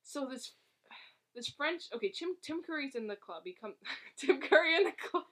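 A woman's voice: sits high, expressive, moderate pace, a bit bright. Rambling, giggly woman recapping a movie. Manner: rambling, giggly, lots of fillers and self-interruptions. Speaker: podcast co-host recapping a movie. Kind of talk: casual chat.

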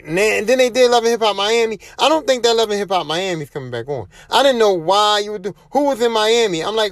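A young man hosts his own podcast alone, talking fast in a high-pitched voice with hardly any pauses. His monologue is casual, rambling, slangy and often profane, captured in a dry recording.

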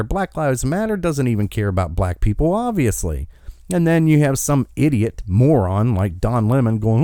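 A man's voice: medium pitch, very animated, moderate pace, a little mellow, no echo, studio quality. A man hosting an opinion podcast, delivering an angry, emphatic rant. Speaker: commentary host.

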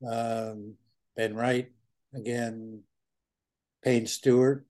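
A man who grew up in New York, a guest in a casual interview chat, relaxed and blunt, swearing offhandedly. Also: mid-range voice, extremely slow. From New York area.

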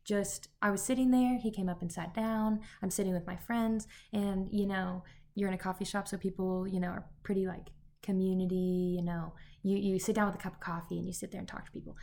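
A young woman chats on a podcast as a co-host, eager and quick to giggle. She rambles through stories in a voice of ordinary pitch for a woman. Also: steady tone, gravelly, dark tone. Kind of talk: casual podcast chat.

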